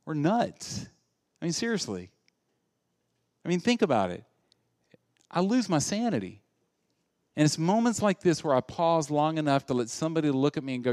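A male pastor preaching a sermon, moving between loud, animated passages and hushed, intimate ones. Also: fairly high pitch, normal speed, pauses often, no room sound, studio quality.

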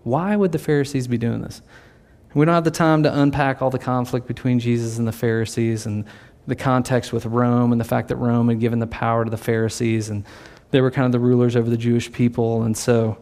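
A male pastor delivering a casual, conversational sermon. His mid-pitched voice has a gravelly edge. He often slips into the voices of the people in his story. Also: level tone, brisk, a little mellow. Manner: conversational preaching, acts out quoted voices.

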